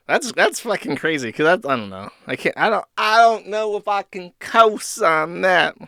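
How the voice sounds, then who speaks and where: A man's voice: sits high, animated, moderate pace, gravelly, few pauses, sharp tone, dry recording, studio quality. A man hosting a live stream, reading posts aloud and commenting sarcastically, with frequent laughs.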